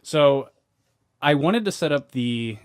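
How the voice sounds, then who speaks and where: A man's voice: a little high, animated, takes it slowly, smooth, no room sound, studio quality. A young man co-hosting a casual podcast, rambling and joking, often restarting his sentences. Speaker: podcast co-host. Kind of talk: casual chat.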